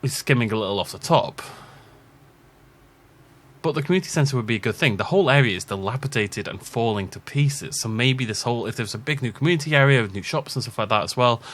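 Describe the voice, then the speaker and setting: Casting: man from the Isle of Man, let's play host, lively and animated, musing aloud. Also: mid-range voice, fast talker. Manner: rambling, thinking aloud, chuckling. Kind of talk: casual gameplay commentary.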